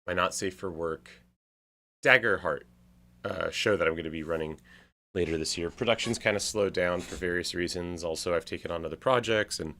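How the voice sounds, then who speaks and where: A man chatting casually on a livestream as he prepares his tabletop game, his voice still creaky from the morning, rambling with fillers. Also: sits low, a little fast, fairly bright tone, a little hiss or hum. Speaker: streamer and dungeon master. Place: home room. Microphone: desk mic with headphones.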